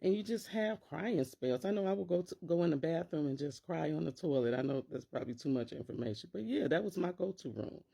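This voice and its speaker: Mellow gravelly lady vlogging, acts out the worried voice in her head. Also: low voice, animated, brisk, hardly any pauses. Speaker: teacher and parent vlogger. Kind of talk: casual talk to camera.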